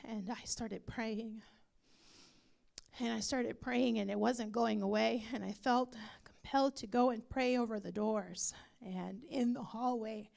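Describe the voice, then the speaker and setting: Woman pastor, fervent sermon, high and gravelly, measured delivery. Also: steady tone, a little mellow. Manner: fervent, breaks into whispered prayer. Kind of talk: sermon and prayer. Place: church.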